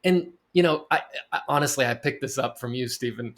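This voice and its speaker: Animated man recapping a movie. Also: medium pitch, a little fast. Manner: animated retelling, acting out quoted lines. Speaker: movie review podcast co-host. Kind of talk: casual film discussion.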